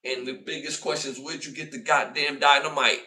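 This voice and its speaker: A man's voice: medium pitch, fairly quick, distant mic. A man hosting a live podcast, talking casually to his chat and repeating points for emphasis. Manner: animated, repeats himself, acts out arguments in raised voice. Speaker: podcast host. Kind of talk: casual live-stream commentary.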